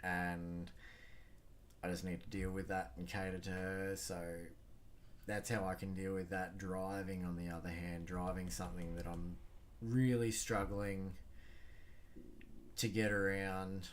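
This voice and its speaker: Deep-voiced Australian man ranting, swearing. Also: level tone, a little slow, long pauses, a little hiss or hum. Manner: blunt, heavy swearing, rambling with fillers. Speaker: podcast host. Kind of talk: casual solo podcast monologue.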